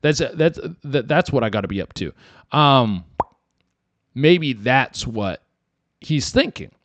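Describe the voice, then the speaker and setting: A man hosts a solo comedy podcast, riffing crudely and wandering off on tangents. His pitch swings up and down as he jokes along. The sound is close and dry, with no room in it. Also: animated, slow pace, a bit bright, no room sound.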